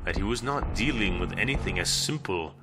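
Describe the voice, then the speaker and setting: A man narrating a fan fiction audio story in a dramatic, measured reading. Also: lowish voice, lively intonation. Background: background music.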